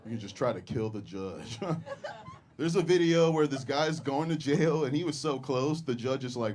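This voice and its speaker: A young man doing a stand-up comedy set on a club stage, with crude, deadpan delivery and frequent chuckles at his own jokes. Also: fairly high pitch, moderate pace.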